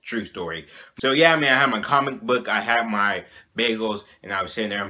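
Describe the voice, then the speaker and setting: A young man telling a childhood story in a casual vlog, animated and slangy, often checking in with "you know what I'm saying". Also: on the low side, quick pace. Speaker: vlogger.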